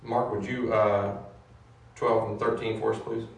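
A man teaching a Bible class, hesitant with many fillers, growing animated as he goes. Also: fairly low pitch, unhurried, gravelly. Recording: echoey room from far off.

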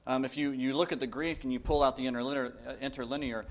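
A man's voice: medium pitch, fairly even intonation, fast. A man preaching a sermon, reading scripture aloud and pressing his points with earnest, emphatic repetition.

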